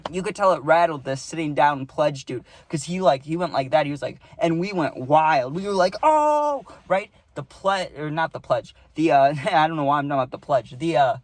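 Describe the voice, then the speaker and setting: A young man telling a casual storytime, animated and full of filler words like "like" and "dude.". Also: fairly high pitch.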